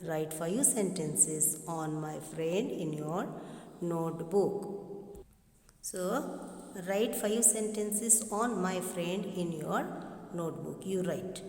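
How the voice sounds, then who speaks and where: A woman teacher with an Indian English accent, giving a revision lesson to young pupils and repeating each phrase slowly, as if dictating. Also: fairly low pitch, a little mellow. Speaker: primary school English teacher. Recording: echoey room, long reverb.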